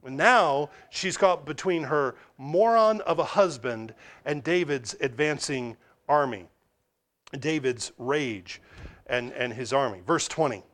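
A man's voice: medium pitch, animated, slow, fairly bright tone. A man preaching an expository sermon, reading scripture aloud and explaining it with frequent restarts and little acted asides. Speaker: pastor.

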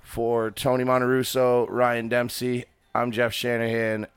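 A man's voice: medium pitch, monotone, a little slow, smooth, no room sound. A man from the United States hosting a podcast, talking in loose, profane, casual banter. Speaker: podcast host.

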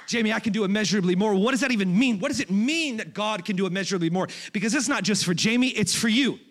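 High-voiced preacher building to shouts. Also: male voice, fast talker. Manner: preaching with comic asides and rising shouted crescendos. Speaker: guest preacher. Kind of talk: sermon. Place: church.

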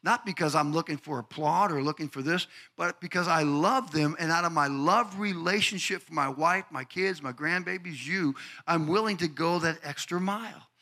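Fervent older male preacher, bright voice. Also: a little high, moderate pace. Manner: fervent preaching, calls out congregants by name; builds to shouted, sing-song climaxes. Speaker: pastor. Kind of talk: sermon.

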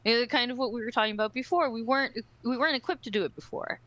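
A young woman co-hosting a podcast, telling a story in an animated way, with lots of "like" and "right?" and some casual swearing. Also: fairly high pitch, racing, no echo, highs cut off. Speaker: podcast co-host.

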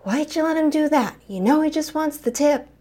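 A woman's voice: high-pitched, lively intonation, moderate pace, warm tone, pitched above the performer's own voice. A woman voicing a haughty, fussy wife who snaps and sniffs in disdain. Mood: hissing.

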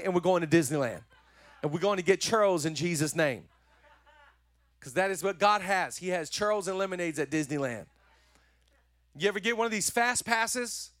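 A man preaching a sermon as pastor, energetic and repetitive in his urging, with chatty joking asides. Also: high voice, dry recording, clean studio sound.

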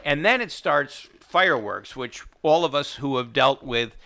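A middle-aged man with a gravelly, fry-edged voice talks through a movie plot in casual conversation. His tone is bright and forceful, and he trails into false starts and repeated words as he hunts for details. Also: mid-range voice, lively intonation. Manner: rambling, halting retelling with many restarts. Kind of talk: casual chat recapping a movie.

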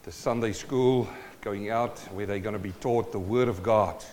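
A man's voice: fairly low pitch, moderate pace, darkish tone, a little hiss or hum. Male preacher, South African accent, playful and interactive, recorded with long church reverb. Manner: playful, calls out to the congregation. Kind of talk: sermon.

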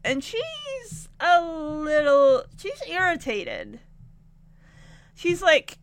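Brief: animated woman narrator, casual recap, lively pitch, dry and close. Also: dry recording. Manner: chatty, animated, exasperated asides. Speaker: tv episode recapper.

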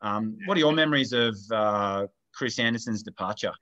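A male podcast host asks rambling, hesitant questions full of fillers. His voice is bright and forceful, and the recording sounds a bit dull. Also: on the low side, moderate pace. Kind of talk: interview questions.

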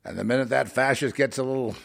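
A man rambling through a monologue, halting and repeating words, dropping to mutters and then rising into heated outbursts. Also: mid-range voice, creaky, fairly bright tone.

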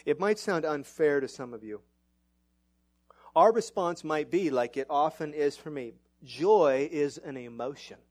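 Preaching with animation and a good deal of self-mockery, this middle-aged pastor has a voice on the high side that climbs as his excitement builds. He takes his time, speaking unhurriedly.

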